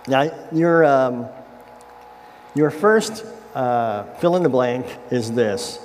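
A man's voice: medium pitch, lively intonation, slow, a little mellow, slight background noise. A man, a pastor, giving a casual, conversational sermon. He retells a scripture story in everyday words and checks in with the congregation. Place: church sanctuary. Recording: echoey hall with faint ambience.

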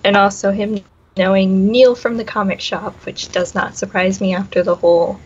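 A young woman talks through her thoughts on a podcast in a measured, slightly hesitant way. Her voice sits at a middle pitch, and the recording sounds a bit dull. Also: fairly even intonation, darkish tone, breathy edge. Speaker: podcast co-host. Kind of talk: casual chat.

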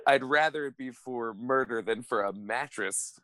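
A man's voice: mid-range voice, a little slow, bright, forceful tone. A man from South Jersey co-hosting a podcast, joking in casual chat and laughing often. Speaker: podcast co-host.

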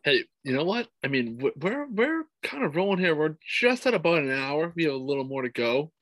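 A man co-hosting a casual podcast, talking excitably, swearing freely and acting out his own reactions. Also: a little high, brisk, no echo. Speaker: podcast co-host. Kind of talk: casual fight-talk podcast chat.

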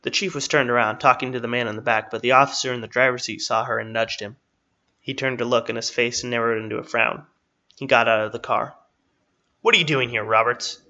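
A man reading a story aloud in steady, measured narration. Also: mid-range voice. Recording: slightly dull, lo-fi.

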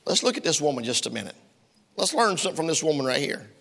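A male pastor preaching a sermon in a church, folksy and emphatic, climbing to loud heated preaching. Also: fairly high pitch, very animated, fast talker, creaky. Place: church sanctuary. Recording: long reverb of a church hall.

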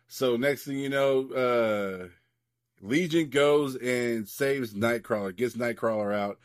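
A man's voice: medium pitch, dry recording, clean studio sound. A man co-hosting a podcast, casually recapping a comic book in a loose, rambling way, swearing freely and leaning on lots of fillers. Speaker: podcast co-host.

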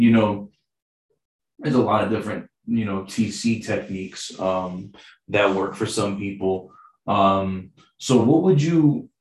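A man hosting a casual interview, animated as he acts out recruiting phone calls. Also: lowish voice. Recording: echoey room, far from mic.

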